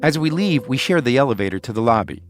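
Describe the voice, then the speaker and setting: Lively scripted male narrator. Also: mid-range voice, over loud music. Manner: measured, storytelling narration. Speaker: podcast host and narrator.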